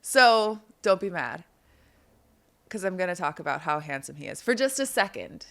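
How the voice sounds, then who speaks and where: Bubbly, gravelly-voiced woman. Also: on the low side, sing-song, fairly bright tone. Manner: bubbly, gushing, quick to laugh. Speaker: podcast host and actor. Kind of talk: casual chat. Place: design showroom, indoors.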